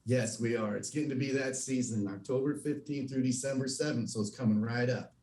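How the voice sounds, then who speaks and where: A man's voice: mid-range voice, a little fast, a little mellow, roomy sound, recorded from a distance. A man being interviewed as an expert guest on a morning TV show, speaking in a friendly, earnest way with fillers.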